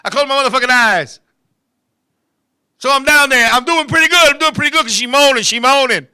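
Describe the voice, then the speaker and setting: High, bright-voiced loud comic storyteller man. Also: fairly quick. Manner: loud, animated, crude, laughing between lines. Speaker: host. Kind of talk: comic storytelling on a talk show.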